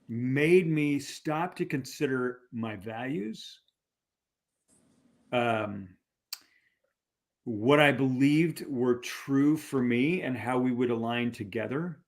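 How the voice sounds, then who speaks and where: A middle-aged man, a podcast guest, telling a personal story in a casual, animated way with many fillers and restarts. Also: medium pitch. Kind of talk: conversational storytelling.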